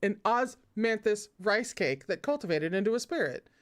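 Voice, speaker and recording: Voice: medium pitch, animated, moderate pace, a bit bright, pitched above the performer's own voice, natural voice. A reader voicing a playful young male disciple who spins tall tales with a straight face. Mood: earnest. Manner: earnest-sounding, teasing.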